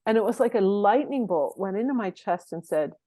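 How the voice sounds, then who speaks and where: This middle-aged woman talks like a performance coach sharing stories on an interview. Her voice sits at an ordinary mid pitch, recorded close and dry with no room echo. She keeps the telling animated and breaks into light laughs often. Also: a little fast. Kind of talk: conversational interview storytelling.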